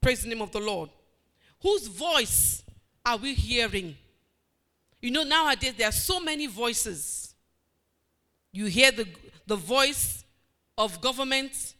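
Bright high-voiced woman preaching a sermon. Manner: emphatic, repeating phrases with call-and-response.

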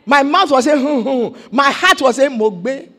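Lively Nigerian woman pastor preaching. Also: high-pitched, measured pace. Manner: exuberant preaching, rising to shouted declarations. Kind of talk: sermon.

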